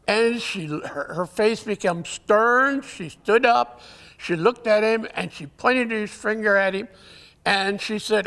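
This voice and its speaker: A man giving a conference talk, telling jokes in a folksy, halting way, his voice weakened, often clearing his throat. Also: high voice, a bit bright. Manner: folksy, halting storyteller with many uhs. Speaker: conference speaker. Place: conference hall. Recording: long hall reverb.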